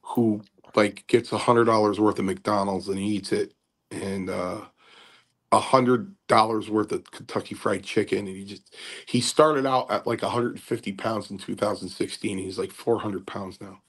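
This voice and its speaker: Gravelly low-voiced older man rambling. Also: fairly even intonation, a bit bright. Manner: halting, many fillers and repeats. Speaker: podcast host and former wrestler. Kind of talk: casual rambling talk.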